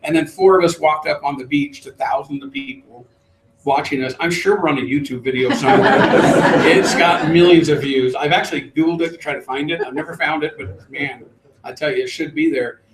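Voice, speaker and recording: A middle-aged man, a trainer, telling a lively story to a live group and acting out the voices. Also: a little high, fairly quick, over a noisy crowd. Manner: animated storyteller, acts out voices. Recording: roomy, distant mic.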